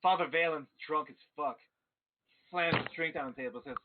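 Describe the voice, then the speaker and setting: A man's voice: a little high, a little fast. A man narrating as dungeon master in a live-streamed tabletop game, loose and profane. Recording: tinny phone-like audio.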